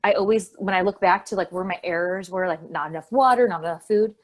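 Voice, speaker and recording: A woman's voice: fairly low pitch, fast. A woman co-hosting a casual podcast, chatting in a rambling way and laughing often. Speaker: co-host.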